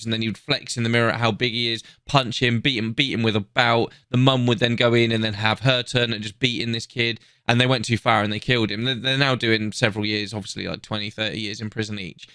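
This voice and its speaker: A man's voice: medium pitch, clear, resonant tone, dry recording, clean studio sound. A young man chatting casually on a podcast, telling stories with lots of swearing. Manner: sweary, animated storytelling. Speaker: podcast co-host. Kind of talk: casual chat.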